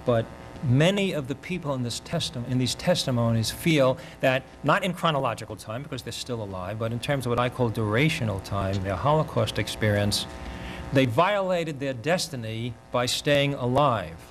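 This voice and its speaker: An older man giving an academic lecture in a measured, reflective way, often pausing mid-thought. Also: mid-range voice, lively intonation, a little hiss or hum, poor audio. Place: university lecture.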